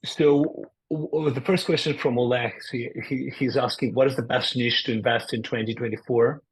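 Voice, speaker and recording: A man moderates a webinar question round, his voice gravelly and husky. He speaks hesitantly, with fillers and restarts. The sound is dry and close. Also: mid-range voice, steady tone, moderate pace, dry recording, poor audio.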